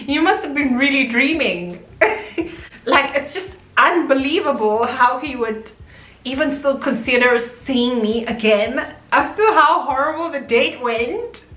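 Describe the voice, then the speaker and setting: A woman's voice: sits high, slow, a bit bright. A young woman from South Africa with a South African accent, chatting expressively to her viewers in a casual storytime vlog. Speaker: YouTuber. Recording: roomy echo, faint background music.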